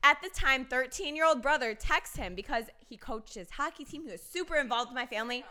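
A woman in her twenties co-hosting a casual chat, telling stories in an animated way and swearing often. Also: sits high, fairly quick. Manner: animated storytelling with frequent swearing.

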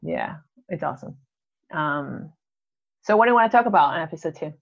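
A bubbly woman co-hosting a podcast in easy, laughing chat. Her voice sits a little low and sounds muffled, as though it came through a lo-fi remote mic. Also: lively intonation, brisk, vocal fry. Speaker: podcast co-host. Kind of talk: casual chat. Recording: lo-fi, dull sound.

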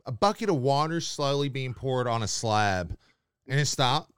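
A man's voice: medium pitch, lively intonation, clear, resonant tone, no echo. A male podcast host ribs his guest with crude jokes and probing questions. He speaks close to the mic, and the room sounds dry and tight. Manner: teasing, profane, quick jokes. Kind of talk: casual podcast chat.

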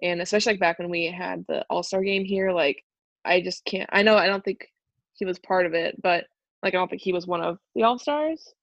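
A woman's voice: lowish voice, fairly quick, dry recording, lo-fi sound. A woman co-hosting a podcast, chatting casually and giving strong opinions on hockey, full of "like" and asides. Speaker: podcast co-host. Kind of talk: casual sports chat.

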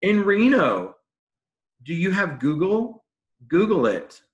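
A man's voice: high voice, sing-song, slow pace, muffled recording. A man co-hosting a casual chat, joking with wry, sarcastic asides.

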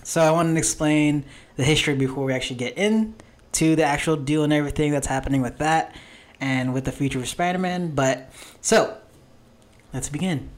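A man's voice: on the high side, a little fast. Laid-back young man hosting a podcast. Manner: relaxed, filler-heavy explaining. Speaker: podcast host. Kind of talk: casual podcast chat.

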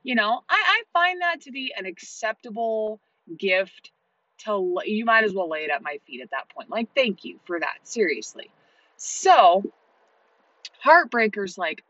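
Blunt, swearing woman with a bright voice. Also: medium pitch, a little slow, no echo, muffled recording. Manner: blunt, heavily profane, animated storytelling. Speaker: vlogger, single mother. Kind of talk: casual monologue to camera.

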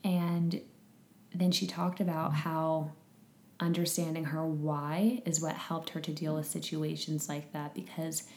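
A woman chatting casually and telling a story with lively energy, laughing often. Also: low-pitched, measured pace, echoey room. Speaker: podcast guest sharing a conference experience. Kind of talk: casual chat.

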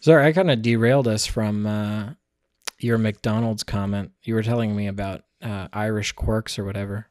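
Joking host guy with a lowish voice, short quips, dry close recording. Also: fairly even intonation, moderate pace, a little mellow, dry recording. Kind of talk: casual conversation.

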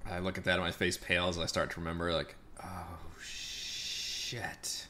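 A man's voice: low voice, completely flat delivery, racing, pushed and bright, a little hiss or hum. A man playing a tabletop game, chatting casually and swearing in laughing asides. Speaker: player.

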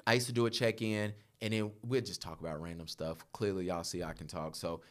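A man in his thirties, a podcast guest, telling laughing, animated stories in casual chat. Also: deep voice, a little fast. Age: 30s.

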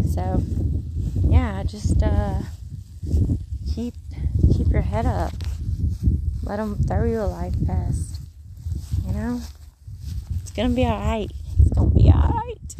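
A woman giving casual spiritual encouragement while walking outdoors in the countryside, earnest and rambling, with soft whispered asides. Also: medium pitch, heavy background noise. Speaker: faith vlogger.

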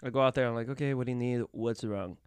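A man's voice: medium pitch, fast talker, a little mellow, clean tone, no echo. Guy on a podcast telling a long story, keeps laughing, swears a lot, dry studio mic. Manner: rambling, laughs often, swears. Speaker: podcast host. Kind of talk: casual storytelling chat.

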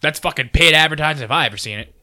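Quick, bright male podcast co-host; hyped, swearing banter. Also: a little high. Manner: excitable, laughing, profane.

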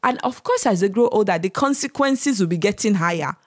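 An earnest woman, firm and emphatic as she explains how she raises her children. She sits at a middle pitch and leans on her key words by saying them again. The sound is close and dry, with no room around her. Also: expressive, a little fast, dry recording. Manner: earnest, emphatic, repeats points for stress. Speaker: parenting guest. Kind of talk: casual podcast discussion.

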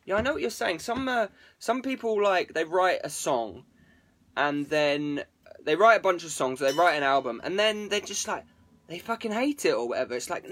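A man's voice: a little high, expressive, moderate pace, a bit bright. A man streaming to viewers as a musician, rambling casually with plenty of swearing and jokes. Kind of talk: casual livestream chat.

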